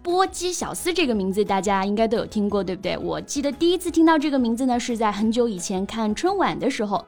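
A woman with a fairly high, lively voice hosts a bilingual English lesson, laughing often as she moves between languages. Soft music plays faintly behind her. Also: fast talker, hardly any pauses. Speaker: co-host teaching English.

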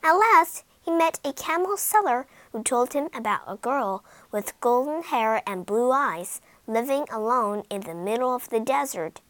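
A woman narrating a fairy tale in an expressive, dramatic storytelling manner. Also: a little high, a little slow, hardly any pauses, no room sound, rough recording.

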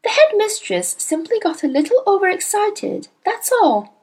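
A woman reading a storybook aloud, voicing a gentle, kindly young teacher who speaks calmly and patiently. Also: very high-pitched, normal speed, pitched above the performer's own voice, full character voice.

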